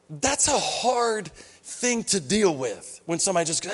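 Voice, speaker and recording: A man's voice: sits high, sing-song, unhurried, husky. A male pastor preaching a sermon in a church hall, talking conversationally and acting out what people say. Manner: conversational preaching, acts out quoted voices.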